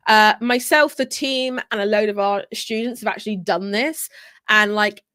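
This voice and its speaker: A woman, hoarse and a little gravelly, chatting casually as she answers viewer questions on a live stream and repeats words for emphasis. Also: mid-range voice, moderate pace, bright, forceful tone, no room sound, studio quality. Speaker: live-stream host for handmade sellers.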